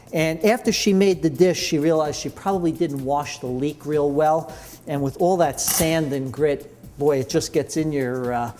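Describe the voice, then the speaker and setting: This man's voice is a little high and a little mellow. He's a cooking instructor running a demonstration, walking through each kitchen step with chatty enthusiasm and plenty of praise.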